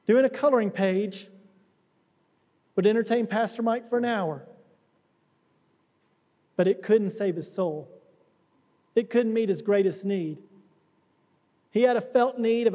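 High-voiced man preaching in a reverberant hall. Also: unhurried, long pauses, dark tone. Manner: conversational preaching with acted-out quotes. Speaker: pastor. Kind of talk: sermon. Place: church sanctuary.

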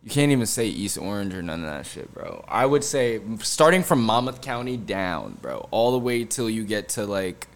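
Young New Jersey guy, a bit low-voiced, cussing and rambling loosely as a podcast co-host. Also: sing-song, normal speed, hardly any pauses. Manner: loose, profane, slangy storytelling. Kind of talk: casual chat.

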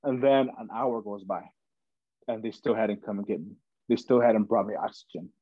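A man's voice: fairly low pitch, normal speed, breathy edge, no echo. A young man, a podcast guest, tells his story in a loose, chatty way, full of "man" and "bro". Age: young adult. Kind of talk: casual storytelling. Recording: dull lo-fi dry recording.

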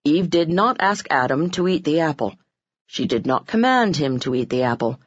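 Lively lower-pitched woman narrating. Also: normal speed, no echo, lo-fi sound. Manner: expressive, acts out quoted lines with pitch jumps. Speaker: audiobook narrator. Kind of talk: scripted self-help narration.

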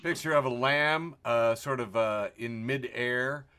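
A man co-hosting a podcast in casual chat who laughs often and talks with an animated delivery. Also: mid-range voice, measured pace, clear, resonant tone. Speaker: podcast co-host.

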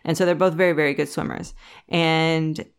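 Chatty woman co-host, lowish voice. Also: moderate pace, clean tone. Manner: storytelling, animated when quoting others; frequent restarts and laughs. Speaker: podcast co-host. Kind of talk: casual podcast chat.

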